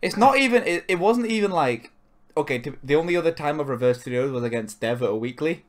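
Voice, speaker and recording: A podcast co-host chats casually, rambling, cutting himself off mid-thought, and swearing often. His voice is on the high side, with lively intonation and a fast pace.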